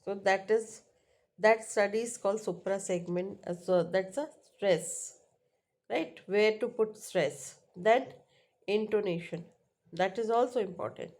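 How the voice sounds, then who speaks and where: A woman's voice: medium pitch, measured pace, a little mellow. A woman teacher explaining a lesson, repeating key points and checking in with "right?". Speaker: English teacher.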